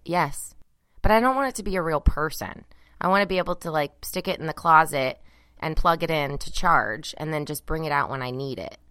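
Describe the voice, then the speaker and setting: A woman's voice: deep voice, brisk, a bit bright, no echo, clean studio sound. A woman co-hosting a podcast in casual chat, playful and rambling, laughing easily. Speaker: podcast co-host.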